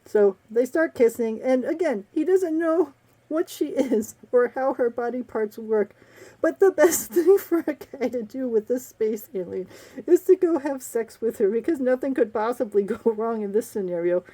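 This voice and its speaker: Woman reviewer with a wry, laughing, sarcastic delivery; mellow and fairly high. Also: expressive, moderate pace. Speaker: book reviewer and romance novelist. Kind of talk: casual spoken book review.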